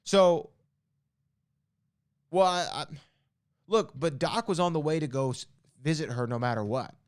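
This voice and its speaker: Smooth-voiced man hosting a chatty podcast. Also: fairly high pitch, a little slow, no echo, clean studio sound. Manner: reads aloud with chatty asides and self-corrections. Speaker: podcast host. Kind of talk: casual podcast reading trivia answers.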